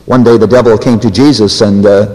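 A man preaching a sermon, acting out quoted voices and swinging his pitch up and down for emphasis. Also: fairly even intonation, fairly quick, a little mellow. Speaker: pastor. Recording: reverberant hall.

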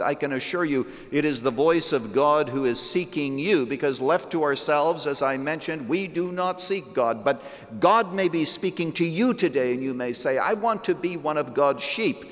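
A man preaching a sermon and leading a closing prayer in a large church, earnest and measured with dramatic pauses. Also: on the high side. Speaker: pastor. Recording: church sanctuary with long reverb.

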